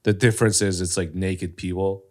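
A man's voice: deep voice, steady tone, normal speed. A man co-hosting a podcast in casual chat, joking and laughing often. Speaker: podcast co-host.

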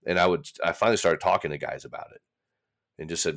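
A man's voice: low-pitched, fast, fairly bright tone. A man, a recovery coach speaking candidly in a casual conversation, rambling and acting out his own inner voices. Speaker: recovery coach, podcast guest.

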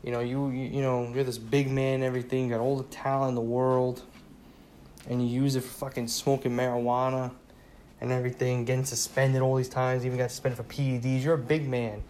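A man's voice: medium pitch, flat delivery, fairly quick, darkish tone, slight background noise. A man talking alone in a casual sports rant, rambling, repeating "you know" a lot and swearing when he gets worked up. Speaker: sports fan podcaster.

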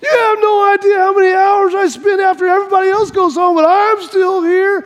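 A man voicing an indignant, overworked male employee who shouts in outrage. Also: very high-pitched, flat delivery, brisk, in a large hall, voice pushed up. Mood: outraged.

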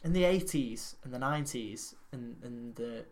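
A man's voice: medium pitch, normal speed, darkish tone. A man co-hosting a podcast in casual chat, rambling and opinionated, often breaking into laughter. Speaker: podcast co-host.

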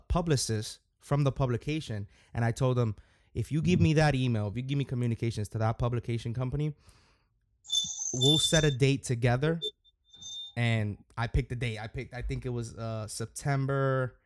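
A man's voice: medium pitch, a little mellow, no room sound, clean studio sound. A man hosting a podcast, talking casually and rambling, with lots of fillers and restarts. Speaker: podcast host.

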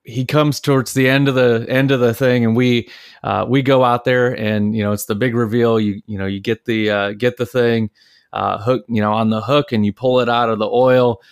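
A man's voice: mid-range voice, flat delivery, normal speed, smooth, dry recording, clean studio sound. A man from Detroit, a podcast host and father, telling family stories in a casual, rambling way with many fillers and restarts. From Detroit, Michigan, USA. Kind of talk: casual storytelling chat.

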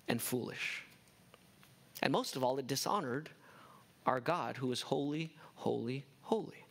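A man's voice: fairly high pitch, a bit bright. A middle-aged man preaching a sermon as a pastor, earnest, often asking the listeners questions.

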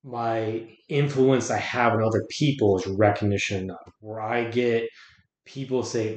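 In a roomy-sounding recording, a man appears as a podcast guest and talks casually yet earnestly, reflecting aloud and frequently starting his words over. His voice is lowish, fairly even in intonation, and measured in pace.

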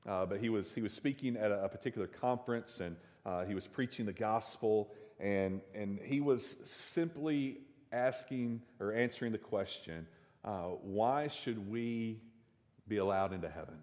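Southern pastor preaching in a hall. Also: male voice, fairly low pitch, normal speed, darkish tone. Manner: earnest, repeats words when restarting, rises in force at climaxes. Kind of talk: sermon.

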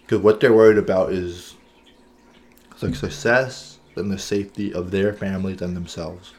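A man's voice: low-pitched, steady tone, moderate pace, darkish tone, slight background noise. A man co-hosting a podcast in casual chat, earnest and thinking aloud, often checking in with "right?". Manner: earnest, thinks aloud with many "right?" and "you know what I'm saying?". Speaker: podcast co-host.

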